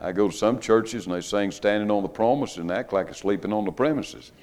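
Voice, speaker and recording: Folksy older preacher. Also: male voice, fairly low pitch, brisk. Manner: folksy, joking, building to loud emphatic preaching. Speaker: visiting revival preacher. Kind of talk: sermon. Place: church sanctuary.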